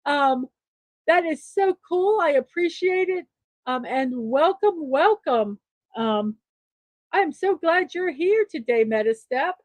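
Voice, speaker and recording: High-voiced woman chatting on a livestream. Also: expressive, slow pace, no room sound. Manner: chuckles at her own jokes, chatty and upbeat. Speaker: livestream show host. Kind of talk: casual livestream chat reading memes.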